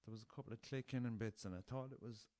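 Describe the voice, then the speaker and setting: Talking fast in a mellow, mid-range voice, an Irish man hosting a podcast wanders through a story in casual conversation, swears without restraint and calls his audience lads. The recording is dry, captured on a podcast recorder with a laptop.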